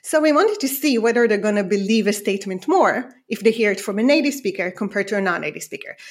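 A woman researcher with a non-native accent, explaining her study step by step in an interview. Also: medium pitch. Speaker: researcher guest.

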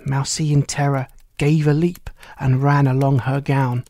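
A reader reciting rhyming verse in a measured way, often dropping to a hushed, breathy near-whisper. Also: medium pitch, little pitch movement, dry recording.

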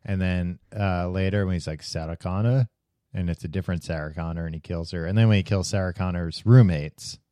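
Low, warm man, casual co-host, laughs easily, dry close sound. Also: fairly even intonation, fairly quick, hardly any pauses, no room sound. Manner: laughs often, defends the film, hesitant fillers. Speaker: podcast co-host. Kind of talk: casual chat.

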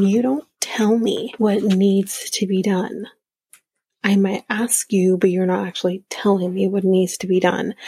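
A woman's voice: mid-range voice, mellow, husky, no echo, rough recording. A young woman hosting a podcast, chatting casually and with exasperation about a reality show, swearing freely. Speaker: podcast host. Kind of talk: casual recap commentary.

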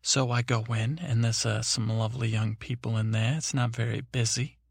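Gravelly older man telling a sleepy story. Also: mid-range voice, level tone, moderate pace, no echo, studio quality. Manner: meandering, digressive, self-talking. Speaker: podcast host. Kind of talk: slow rambling sleep storytelling.

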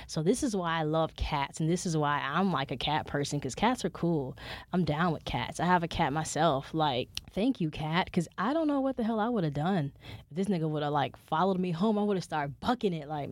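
Profane, animated young woman storyteller. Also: sits low, moderate pace, no room sound. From New York City. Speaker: podcast host. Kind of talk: casual storytelling monologue.

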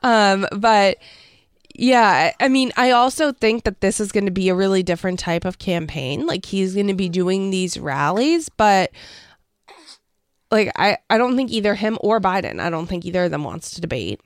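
A woman's voice: medium pitch, animated, moderate pace, dry recording, studio quality. A woman co-hosting a podcast, chatting casually and easily, hedging her points with filler words. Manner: easygoing, laughs along, hedges with filler words. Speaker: podcast co-host. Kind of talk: casual political chat.

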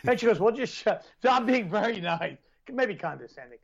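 A man's voice: high voice, very animated, a little fast, creaky, dull audio. A man co-hosting a podcast, telling rambling stories in casual chat and laughing often. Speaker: podcast co-host.

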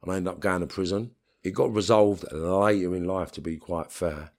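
Blunt, deep-voiced London man. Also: fairly even intonation, normal speed. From England. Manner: blunt streetwise storytelling, swearing, acts out voices in quotes. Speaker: interview guest. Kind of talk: storytelling in an interview.

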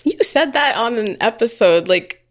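A woman's voice: a little high, animated, moderate pace. A woman co-hosting a podcast, talking casually in a blunt, provocative and teasing way. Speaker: podcast co-host. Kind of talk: casual chat.

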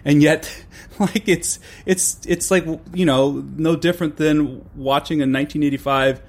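A man's voice: fairly high pitch, steady tone, measured pace. A man in casual conversation, giving opinionated commentary on film and politics, with many restarts and fillers.

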